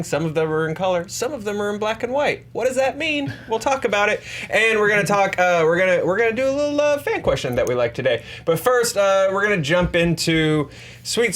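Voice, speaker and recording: A man with a fairly high voice hosts a loose panel chat. He keeps things light and playful, hamming it up as he steers the talk from topic to topic. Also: a bit bright. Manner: playful, hammy, puts on quick gruff voices for quotes. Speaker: co-host.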